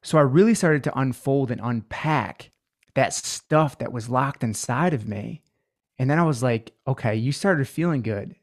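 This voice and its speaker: A man in his twenties, a guest in an interview, telling his life story in an earnest, emotional way, slowing down on the heavy moments. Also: mid-range voice.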